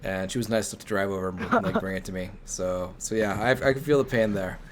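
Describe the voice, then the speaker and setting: A man hosting a casual group storytelling chat, animated and asking eager questions. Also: low-pitched, fast talker, slight background noise. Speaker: host.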